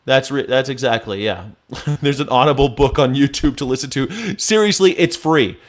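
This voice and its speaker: A man's voice: mid-range voice, normal speed. A man hosting a casual political show, reacting to news clips with sarcastic, profane commentary and mock outrage. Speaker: host.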